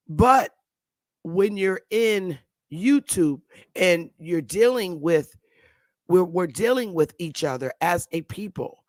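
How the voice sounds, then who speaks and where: A woman's voice: on the low side, dry recording. A woman in her fifties from the northern United States, talking to her YouTube audience in a rambling, unscripted monologue full of restarts and fillers. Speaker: YouTube commentator. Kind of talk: casual monologue.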